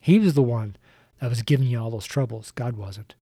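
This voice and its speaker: A man's voice: mid-range voice, fairly quick, creaky, warm tone, breathy edge, dry recording, clean studio sound. A man preaching on a podcast, earnest and repetitive, speaking straight to the listener. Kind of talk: evangelistic podcast sermon.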